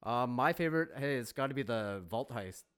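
A man's voice: mid-range voice, expressive, a bit bright, smooth. Guy on a movie review podcast, casual chat, laughs a lot. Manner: laughs often, talks in quick asides. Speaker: podcast co-host.

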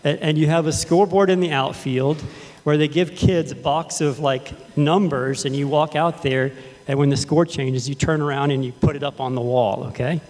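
A middle-aged man raised in Texas preaches to his congregation in an easy, chatty style, often checking in with them. His voice sits a little high. The sound carries a long hall reverb. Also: steady tone, normal speed, darkish tone. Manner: casual, conversational, addresses the congregation directly. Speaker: pastor. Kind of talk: sermon with storytelling. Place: church sanctuary.

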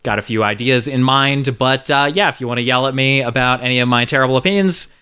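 Bright, self-deprecating man chatting casually. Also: medium pitch, fast, smooth. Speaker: podcast guest. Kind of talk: casual chat.

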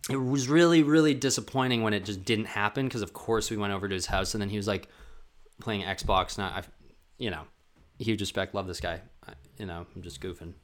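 Male vlogger, fairly low voice, loose and profane, rambles through comic anecdotes and jumps up in pitch for quoted lines. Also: a little fast. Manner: animated, profane, full of "like" fillers. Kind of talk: rambling comedic storytelling.

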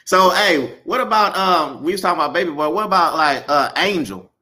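A man's voice: a little high, lively intonation, fairly quick, sharp tone. A man hosting a podcast, asking laid-back questions with short encouraging replies. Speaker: podcast host. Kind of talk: casual interview chat.

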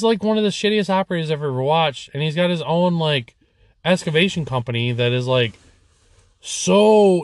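A man's voice: on the high side, no echo, studio quality. A man co-hosting a casual podcast, talking bluntly and swearing freely about his trade and relationships. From Michigan. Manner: crude, swears a lot, blunt and animated. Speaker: podcast co-host.

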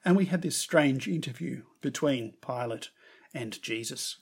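Husky-voiced man preaching a sermon. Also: medium pitch, a little slow. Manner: expressive storytelling, raising his voice for quoted words.

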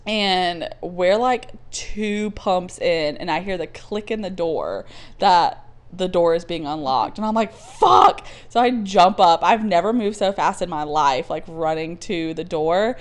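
A woman co-hosting a casual talk show, telling stories in a profane, animated way. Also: on the low side, measured pace. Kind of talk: casual chat, storytelling.

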